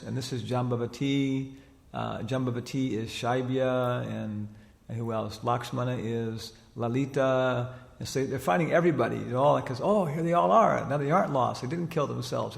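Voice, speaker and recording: A man with a deeply gravelly, creaky voice gives an informal spiritual lecture. He talks in a loose, rambling way, filled with casual fillers. The sound carries a long reverberant tail, as in a lecture hall. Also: fairly even intonation, moderate pace. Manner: chatty and rambling, many "you know" fillers, laughs while retelling. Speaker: spiritual teacher giving a lecture. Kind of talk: informal religious lecture, storytelling.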